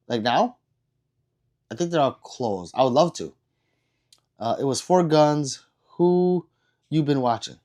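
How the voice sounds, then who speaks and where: A livestream host reads viewer comments aloud and responds, rambling and self-deprecating, often stumbling and restarting. His middle-pitched, darkish voice has lively intonation, a slow pace, and frequent pauses.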